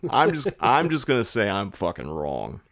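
Man, podcast co-host, casual chat, low gravelly voice, cusses, laughs at himself. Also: huge pitch swings, a little slow, fairly bright tone, slight background noise. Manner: swearing, self-deprecating, laughs often.

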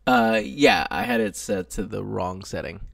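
A man, the show's producer, giving halting, hesitant replies in casual chat. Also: on the low side, creaky, fairly bright tone. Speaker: show producer.

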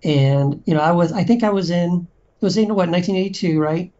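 Mellow-voiced man chatting as a guest. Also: high-pitched, fairly quick, lo-fi sound. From Texas. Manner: friendly, rambling with many fillers. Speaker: podcast guest, author. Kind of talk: casual interview chat.

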